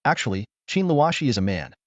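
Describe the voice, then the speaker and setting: A man's voice: mid-range voice, big pitch swings, brisk, no echo, highs cut off, lightly acted. A man voicing an earnest young tamer. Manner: courteous, earnest. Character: young male beast tamer, polite and earnest.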